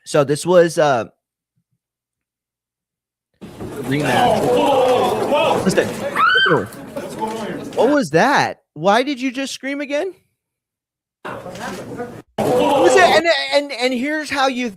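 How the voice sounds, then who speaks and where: Male host, casual swearing reaction commentary, lively swooping pitch, dry close recording. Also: no echo. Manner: animated, profane, rambling with restarts.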